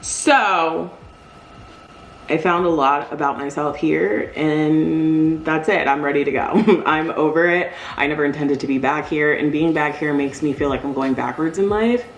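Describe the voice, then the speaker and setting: Woman, thirties, low pitch, candid casual vlog, rambling, roomy echo. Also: measured pace, dull audio, slight background noise. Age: 30s. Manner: candid, rambling, emotional, with fillers like "like". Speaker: vlogger. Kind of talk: casual reflective vlog while decorating cookies.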